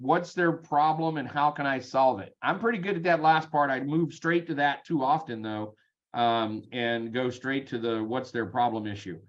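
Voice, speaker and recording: A man leading a sales team meeting, energetic and chatty, with frequent ums, over a video call. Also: on the high side, muffled recording. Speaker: real estate team leader.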